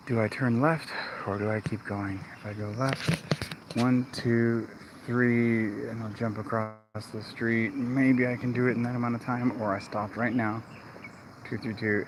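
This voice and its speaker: A man's voice: lowish voice, heavy background noise. A man working as a real estate agent, chatting and rambling to himself in a casual livestream while going door to door outdoors, recorded on a mobile phone. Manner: chatty, rambling, talks to himself between doors. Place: outdoors on residential streets.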